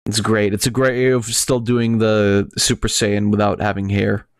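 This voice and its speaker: A man's voice: fairly low pitch, normal speed, clean tone, no echo, clean studio sound. A man chatting casually while playing a game with friends, joking, swearing and laughing a lot. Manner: laughing, swearing, excitable banter. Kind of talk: casual gaming chat.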